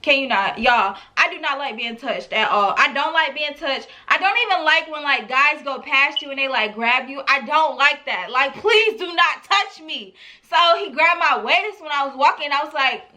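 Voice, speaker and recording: Bright-voiced young woman telling a story. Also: sits high, normal speed. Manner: animated, laughing often, slangy. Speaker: vlogger. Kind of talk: storytime chat.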